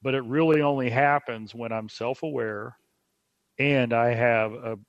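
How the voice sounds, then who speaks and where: A man speaking as a guest on a podcast, explaining ideas in a slow, reflective way. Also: medium pitch, fairly even intonation, dry recording. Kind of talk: casual podcast conversation. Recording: dry, slightly dull sound.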